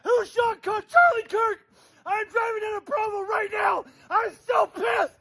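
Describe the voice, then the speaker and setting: A man crying and shouting in a frantic, screaming outburst. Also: extremely high pitch, unhurried, gravelly, low-quality recording. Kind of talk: filmed angry outburst.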